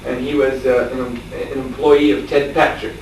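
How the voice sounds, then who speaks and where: The recording, made from a distance in an echoey farmstead lecture room, has a faint hiss. In it, a male monk leading a scripture class tells a long story at normal speed in an average-pitched voice. He keeps it casual, with frequent chuckles and hesitant fillers.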